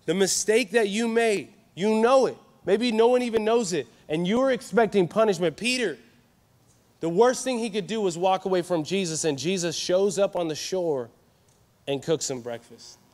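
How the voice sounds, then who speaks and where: Animated high-voiced male preacher. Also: normal speed. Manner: animated, joking with the crowd. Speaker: youth conference speaker. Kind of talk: energetic sermon. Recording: live hall reverb.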